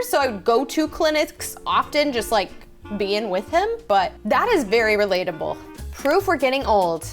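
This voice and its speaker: A young woman hosting a reaction video, chatting casually and reminiscing, easily amazed by what she sees. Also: a little high.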